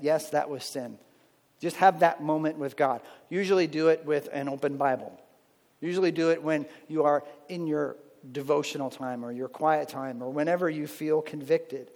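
Speaking on the high side with a darkish tone, a pastor delivers a conversational sermon, regularly asking "right?". He's an adult, married with kids, and his voice trails off in long reverb.

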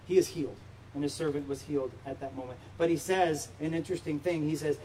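A man delivers a sermon in a fairly high voice, leaning into points with emphatic rhetorical questions. He sounds a little distant from the microphone, with a faint hum of noise in the background. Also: fairly even intonation, fast talker, dark tone. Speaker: pastor. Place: church sanctuary.

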